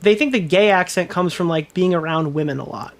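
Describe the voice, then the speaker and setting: A man casually commentating on his livestream, rambling excitably with lots of swearing. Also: sits high, a little fast.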